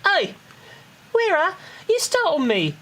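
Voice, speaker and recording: A woman voicing a brisk, fussy little female clerk with a put-on Cockney accent, in a high, bustling voice. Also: wildly swooping pitch, fairly bright tone, slight background noise, exaggerated voice.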